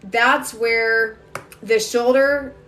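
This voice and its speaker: A woman hosts a casual phone livestream where she gives viewers an intuitive energy reading, addressing them directly in fast, emphatic speech. Her fairly high voice is steady and a bit bright, and a little hiss or hum sits in the recording.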